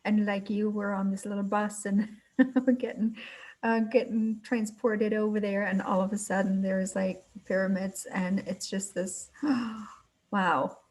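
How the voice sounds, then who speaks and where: A woman reflecting in a casual, thoughtful way, pausing to search for the right words. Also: medium pitch, little pitch movement, a little mellow, poor audio. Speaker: participant in a storytelling circle.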